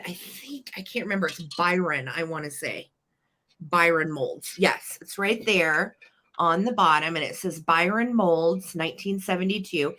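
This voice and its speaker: A woman's voice: mid-range voice, bright, forceful tone. A woman co-hosting a live vintage sale, chatty and playful as she describes items in detail. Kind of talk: live-stream auction chat.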